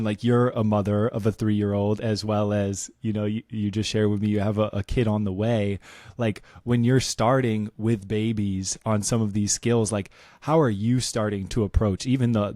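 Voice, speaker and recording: A man's voice: on the low side, a little mellow, no room sound, studio quality. A man hosting a podcast interview, affirming the guest and talking with many hesitations and "like"s. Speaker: podcast host.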